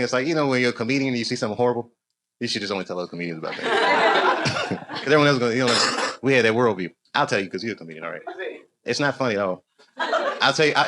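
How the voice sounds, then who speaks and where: A man performing a stand-up comedy routine for a live audience, animated and excitable. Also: lowish voice, noisy background. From United States. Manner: animated, swings into loud excited bursts.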